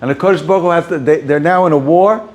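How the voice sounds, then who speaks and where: Man, rabbi, informal talk, halting delivery, repeats and restarts words. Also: a little high. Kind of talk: informal talk to a small group.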